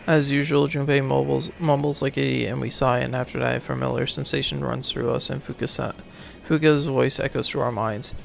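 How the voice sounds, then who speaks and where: Gravelly man reading game text. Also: medium pitch, fairly even intonation, fairly bright tone, slight background noise. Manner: halting reading with self-corrections. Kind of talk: reading game narration aloud, casual outro.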